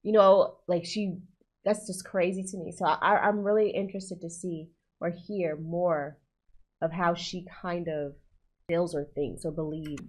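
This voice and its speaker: A woman hosting a reaction video, expressive and exclaiming, talking back to the screen. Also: on the low side, unhurried. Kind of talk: casual reaction commentary.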